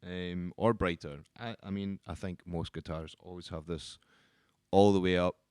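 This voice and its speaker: In a relaxed lesson on the anatomy of a guitar, a man with a smooth, clear, lowish voice talks informally, restarting phrases and saying um now and then. The audio is dry and close-miked, with no room sound at all.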